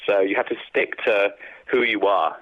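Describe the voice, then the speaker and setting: A low-voiced man talks reflectively in a relaxed interview, his words steady and sincere. The sound is dry and narrow, as if it comes down a phone line. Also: normal speed, no room sound. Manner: reflective, earnest, with many fillers. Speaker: guest actor. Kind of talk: casual interview chat.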